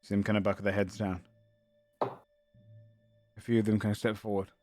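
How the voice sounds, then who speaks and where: Low-voiced man narrating as game master. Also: no echo, soft background music. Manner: relaxed, halting narration with many "kinda"s.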